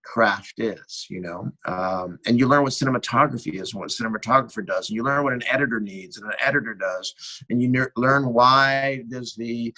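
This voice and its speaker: A middle-aged American man, a guest cinematographer, tells animated behind-the-scenes stories in a casual interview and acts out bits of dialogue. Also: medium pitch, a little fast, poor audio. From United States. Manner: animated anecdotal storyteller who acts out dialogue.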